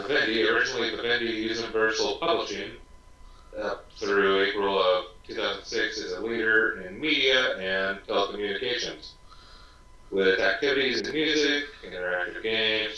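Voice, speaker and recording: A man's voice: on the low side, moderate pace, bright, forceful tone, lo-fi sound. An American man co-hosting a casual podcast, reading web info aloud with dry asides. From United States. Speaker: podcast co-host. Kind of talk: casual chat. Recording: echoey room, mic at a distance.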